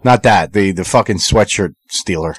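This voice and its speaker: A man's voice: sits low, normal speed, husky, dry recording. A man co-hosting a casual podcast chat, joking and teasing his co-host.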